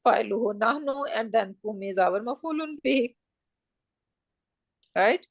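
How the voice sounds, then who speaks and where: A woman's voice: a little high, expressive, unhurried, vocal fry, no echo, dull audio. A woman teaching an Arabic grammar class, explaining step by step and checking with her students. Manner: patient, checks understanding with "right?".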